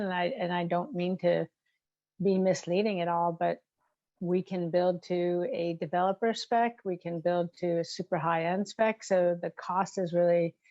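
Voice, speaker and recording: Woman panelist on a video call, kinda low voice, muffled lo-fi audio, chatty. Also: a little mellow. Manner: conversational, uses "you know" and "right?". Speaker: prefab specialist panelist. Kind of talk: casual Q&A answers.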